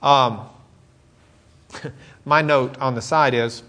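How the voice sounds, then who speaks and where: A middle-aged man preaching a sermon with animated, dramatic storytelling. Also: medium pitch, extremely slow, pauses often. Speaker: pastor.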